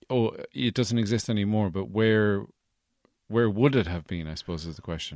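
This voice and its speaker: A man hosting a comedy podcast, talking in a deadpan, hesitant way with plenty of fillers. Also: on the low side, measured pace, no echo, studio quality. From Irish Midlands. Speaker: podcast host.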